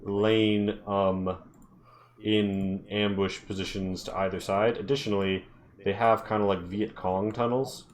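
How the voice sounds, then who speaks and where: Low-voiced man running a tabletop game. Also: flat delivery, a little slow. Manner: rambling, lots of filler, casual. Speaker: game master.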